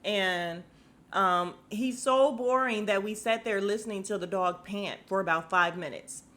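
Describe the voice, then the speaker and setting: A woman's voice: medium pitch, a little slow, fairly bright tone. A woman hosting a podcast at home, recapping a reality show in a chatty, sassy way and laughing often. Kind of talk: casual chat.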